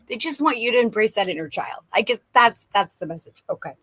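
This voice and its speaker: A woman giving a playful live tarot reading, animated and quick to laugh. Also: on the high side, background noise. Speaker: tarot and oracle card reader. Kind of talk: live-stream card reading.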